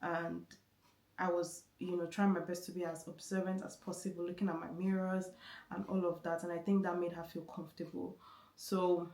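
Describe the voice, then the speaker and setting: A woman's voice: on the low side, level tone, normal speed, darkish tone. A woman vlogger telling a story in casual chat, with many restarts and repeated words. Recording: roomy echo.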